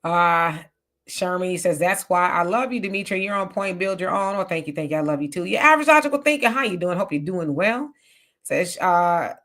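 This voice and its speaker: A woman hosting a casual live stream, reading viewer comments aloud and reacting with chatty, animated remarks. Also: medium pitch.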